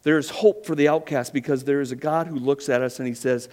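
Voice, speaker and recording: Male pastor, mid-pitched, storytelling sermon delivery with hushed emphasis. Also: steady tone, fairly quick. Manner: storytelling, drops quiet for emphasis, rhetorical questions.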